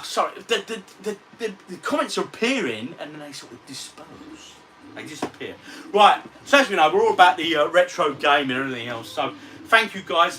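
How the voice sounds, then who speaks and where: A matey man in his forties chats on a livestream from his games room, his voice bright and lively as it swings up and down. He sits some way from the mic, with faint background hiss around him. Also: fairly high pitch. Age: 40s. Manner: chatty, matey, reads out viewer comments. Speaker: retro gaming vlogger. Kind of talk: casual livestream chat. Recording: distant mic with faint ambient noise.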